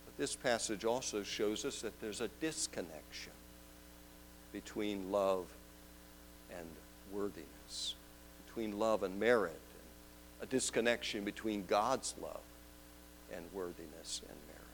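Slow preaching guy, gets loud then drops way down quiet on the questions. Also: lowish voice, slight background noise, rough recording. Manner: swings from loud proclaiming to hushed, drawn-out questions. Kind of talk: sermon.

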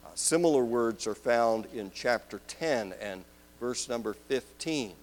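Slow-speaking male preacher. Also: mid-range voice, expressive, low-quality recording. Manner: swings from loud proclaiming to hushed, drawn-out questions. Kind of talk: sermon.

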